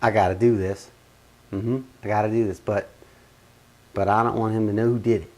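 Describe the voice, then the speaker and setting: Animated man telling a family story. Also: brisk. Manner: animated, with big swings in pitch and loudness. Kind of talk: casual first-person storytelling.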